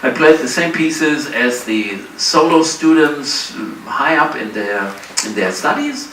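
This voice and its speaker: A man's voice: fairly high pitch, sing-song, a little slow, a bit bright, slight background noise. A man with a German accent, a native German speaker, giving a keynote speech in English. He tells his story with self-deprecating humor and acts out the dialogue he quotes. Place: large conference hall. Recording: echoey hall, distant mic.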